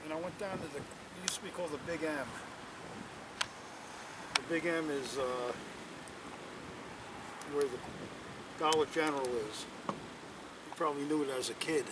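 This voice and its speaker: A man's voice: on the high side, moderate pace, long pauses. A man telling a long story in a rambling, casual way, with lots of "you know" and restarts, outdoors at night. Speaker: interviewee telling a local story. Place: outdoors at night near a bonfire. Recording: distant mic, loud wind and outdoor noise.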